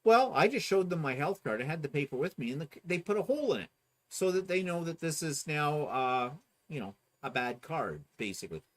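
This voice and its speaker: A man's voice: fairly high pitch, very animated, a little fast. A man co-hosting a casual chat, animatedly telling a story and mimicking other people. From Ontario, Canada. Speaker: co-host.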